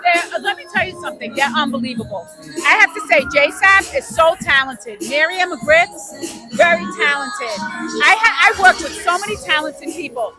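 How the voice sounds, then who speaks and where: A very high-pitched woman with a New York accent talks freely and expressively, answering questions outside at a movie premiere. Music plays clearly behind her. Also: moderate pace, rough recording. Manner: chatty and expressive, talks readily at length. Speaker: actor interviewed on the red carpet. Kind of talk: casual red carpet interview. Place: outdoor red carpet at a movie premiere.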